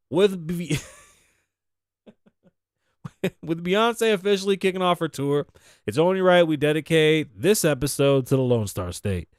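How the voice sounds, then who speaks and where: A man's voice: a little high, no room sound, studio quality. A man hosting a talk show, delivering a loose, joking monologue full of profanity and asides. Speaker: host. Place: studio.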